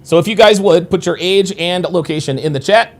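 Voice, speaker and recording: A man's voice: high voice, a little fast. A man in his forties hosting a casual livestream, rambling and repeating himself with crude, profane asides to his viewers. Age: 40s. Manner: addresses viewers directly. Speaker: livestream host.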